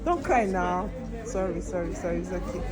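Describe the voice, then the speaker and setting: A woman with a Nigerian accent, a cake baker vlogging, talking loudly and teasing, often laughing. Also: fairly low pitch, expressive, normal speed. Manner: loud, teasing, bursts of laughter. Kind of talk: casual vlog chat. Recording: loud music and crowd behind.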